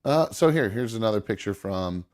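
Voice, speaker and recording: A fairly low, slightly mellow male voice with lively intonation moves at a moderate pace. The man hosts a casual podcast, rambling through fillers and restarts and muttering to himself as he works on his setup. He becomes sentimental and gets choked up.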